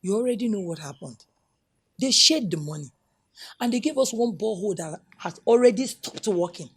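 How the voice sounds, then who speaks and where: An actress playing a grateful hospital director, speaking with a Nigerian accent. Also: female voice, medium pitch, expressive, a little fast, husky. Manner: grateful and pleading. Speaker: medical director.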